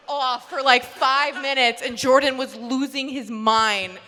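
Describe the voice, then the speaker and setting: A woman's voice: high-pitched, fairly even intonation, measured pace, few pauses, pushed and bright, in a large hall. A woman voice actor on a convention panel, chatting in a bubbly, laughing way through rambling stories.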